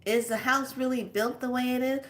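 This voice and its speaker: A woman and spiritual teacher telling a story in casual, animated, slangy talk. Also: high voice, brisk. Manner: animated, slangy, acts out voices.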